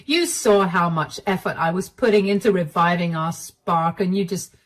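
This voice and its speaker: A woman's voice: on the low side, moderate pace, recorded from a distance, natural voice. A woman voicing a hurt young wife who confronts her husband in agitated, pleading outbursts. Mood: outraged. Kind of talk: storytelling dialogue.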